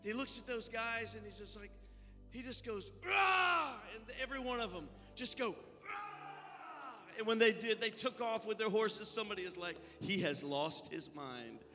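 A man's voice: high-pitched, fairly even intonation, a little fast, fairly bright tone. A male pastor leading worship and preaching a fervent sermon, exhorting the congregation in a church sanctuary. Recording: long church-hall reverb, faint music behind.

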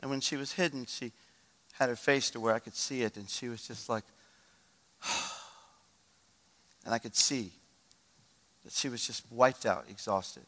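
A male pastor preaching a sermon, moving from loud urgent exhortation to a quiet, hushed story. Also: medium pitch, a little slow, long pauses, in a large hall.

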